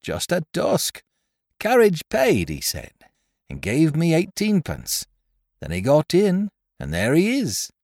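A man's voice: a little high, wildly swooping pitch, takes it slowly, no room sound, studio quality, pitched above the performer's own voice, exaggerated voice. A man voicing a good-natured carrier who speaks up heartily. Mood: hearty. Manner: hearty, raised and loud.

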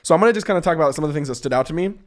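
A man's voice: a little high, lively intonation, very fast. A man co-hosting a podcast in casual chat, rambling and enthusiastic with lots of fillers and restarts. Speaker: podcast co-host.

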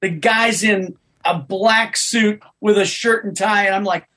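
A man, a podcast guest, telling an animated story in casual chat. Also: sits high, unhurried.

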